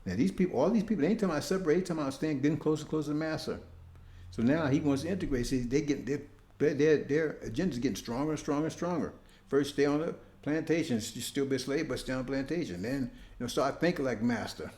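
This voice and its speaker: Fast and a bit high-pitched yet somewhat mellow, a man preaches in a chatty, informal way, often pausing to ask his audience "see?". The sound is roomy.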